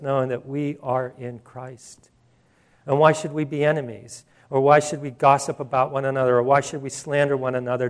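A male pastor preaching a sermon in an emphatic, conversational way, with asides and restarts. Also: mid-range voice.

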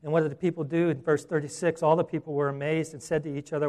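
A male pastor preaching a sermon in an animated, conversational way, with rhetorical questions. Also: on the high side, quick pace, hardly any pauses.

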